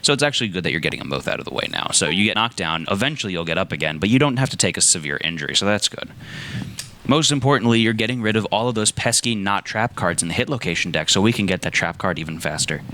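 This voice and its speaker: Deep-voiced man rapidly walking through rules. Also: slight background noise. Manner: steady step-by-step rule explanations. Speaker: game runner. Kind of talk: explaining tabletop game rules on a stream.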